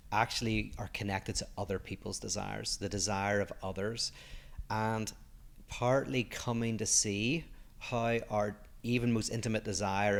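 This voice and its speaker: A man's voice: fairly low pitch, vocal fry. A man with a Northern Irish accent, musing reflectively as a podcast co-host in casual chat. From Northern Ireland.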